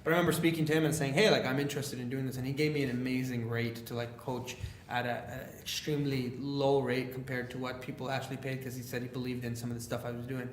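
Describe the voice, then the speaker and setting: A young Canadian man, a leadership speaker, telling stories in a casual podcast interview. He talks in an animated way, acts out quoted dialogue and uses many fillers. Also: mid-range voice, quick pace, few pauses, echoey room, slight background noise.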